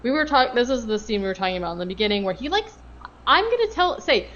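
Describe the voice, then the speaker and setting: A woman's voice: a little high, very animated, fast talker, a bit bright, dull audio, slight background noise. A woman co-hosting a podcast, rambling through a casual movie recap full of fillers. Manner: rambling, filler-heavy storytelling. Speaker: podcast co-host.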